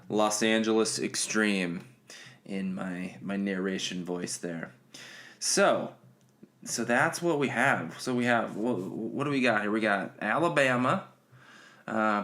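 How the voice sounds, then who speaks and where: A man with a hoarse voice hosting a casual solo podcast, rambling with lots of fillers and restarts. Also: lowish voice, a little slow, a bit bright. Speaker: podcast host.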